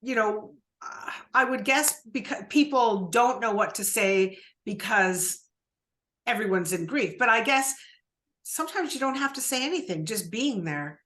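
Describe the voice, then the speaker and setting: Bright-voiced woman host, rambling. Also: fairly high pitch, animated, measured pace. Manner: rambling, restarting questions. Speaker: podcast host. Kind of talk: casual interview conversation.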